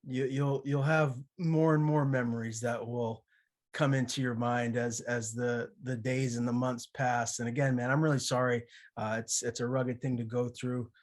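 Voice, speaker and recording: Halting male podcast interviewer. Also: mid-range voice, steady tone. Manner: halting, repeats words, sympathetic. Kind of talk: interview questions.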